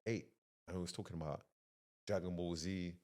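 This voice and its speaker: A man's voice: low-pitched, steady tone, a little fast, a little mellow. A man in his thirties, a podcast guest, chatting casually and telling rambling stories. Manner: rambling, storytelling, many "like" fillers. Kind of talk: casual chat.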